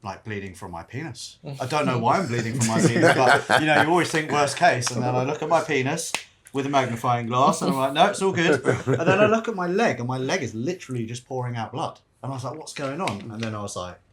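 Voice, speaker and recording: A man's voice: medium pitch, fast talker, noisy background. A man hosting a podcast, chatting candidly and with enthusiasm. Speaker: podcast host. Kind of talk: casual chat.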